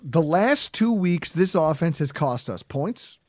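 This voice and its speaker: A man hosting a casual sports podcast, ranting in an animated, sarcastic, heckling way. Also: on the high side, takes it slowly, no room sound. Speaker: podcast host.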